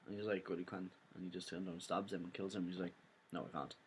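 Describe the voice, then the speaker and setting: A young Welsh man talking through a film's plot in a loose, rambling way, leaning on "like" and "basically". His voice sits a little low, and he speaks casually, straight to his viewers. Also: flat delivery, racing, slight background noise. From Wales. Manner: rambling retelling full of "like" and "basically". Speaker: film reviewer. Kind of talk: casual spoiler review.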